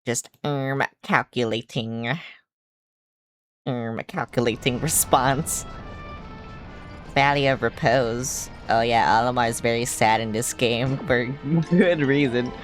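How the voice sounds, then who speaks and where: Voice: medium pitch, unhurried, hardly any pauses, soft background music. A streamer giving casual live commentary over a video game, sarcastic and swearing often.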